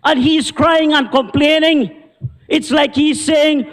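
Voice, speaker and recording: A man's voice: very high voice, steady tone, unhurried, fairly bright tone. A man with a Belizean accent, a member of parliament giving an indignant, combative debate speech. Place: parliament chamber. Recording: long reverb of a large chamber.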